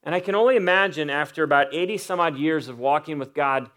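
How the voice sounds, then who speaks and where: Earnest preacher, man with slightly high voice. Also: fast, fairly bright tone. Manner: earnest, builds to emphatic peaks, frequent "uh" fillers; voices imagined inner thoughts of a biblical figure. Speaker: pastor. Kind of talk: sermon.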